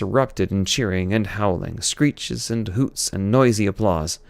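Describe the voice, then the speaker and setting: A man reading a novel aloud in steady, unhurried narration. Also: lowish voice, creaky, no room sound. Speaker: audiobook reader.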